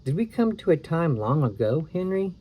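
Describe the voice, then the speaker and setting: A man's voice: on the high side, very animated, normal speed, dark tone, a little hiss or hum, voice pushed up. A man reading a storybook aloud, voicing a curious, fearless young girl who asks eager questions.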